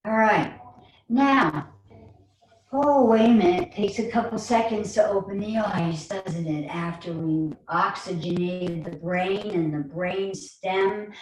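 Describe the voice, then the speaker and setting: A woman with a New York accent leading a guided chair yoga class online, giving slow, soothing cues with playful asides. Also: mid-range voice. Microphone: online video call. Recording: roomy, distant mic, faint noise.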